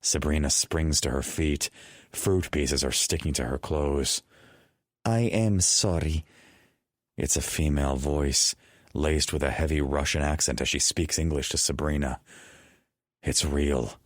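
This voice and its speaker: Very deep-voiced male audiobook narrator. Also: little pitch movement, no echo, clean studio sound. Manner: measured first-person storytelling. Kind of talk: scripted narration.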